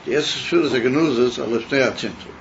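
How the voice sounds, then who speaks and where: A man explains religious texts to a class in a halting way, often repeating himself. His voice sits at a middle pitch. The class recording sounds muffled, with faint background noise. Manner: halting, repeats words, mixes Hebrew terms. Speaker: teacher. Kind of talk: Chassidus class.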